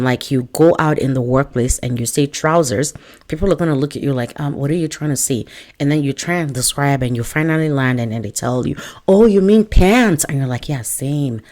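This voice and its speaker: A woman, a career coach giving advice straight to camera in a chatty, animated way with joking asides. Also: sits low, fairly quick. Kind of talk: direct-to-camera advice talk.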